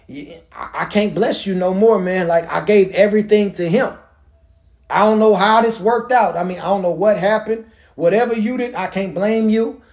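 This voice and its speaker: A man doing an aged father who talks in loose everyday slang, shaken and confused. The voice sits high. The figure is a retelling of an old story put into modern words. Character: old blind father, shocked and bewildered.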